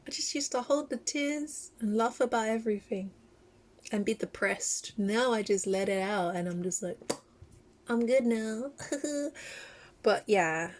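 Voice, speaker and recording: A woman vlogger talking casually in a reaction video, emotional and animated, laughing often. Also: medium pitch, a little slow, slight background noise.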